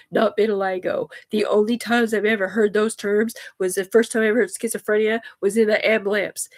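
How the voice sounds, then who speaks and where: A woman livestreaming, telling a personal story in a rambling, profane way that often turns emotional. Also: mid-range voice.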